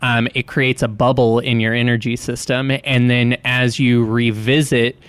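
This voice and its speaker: A man hosting a podcast interview, calmly explaining an idea from his coaching practice. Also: mid-range voice, moderate pace, smooth, no echo.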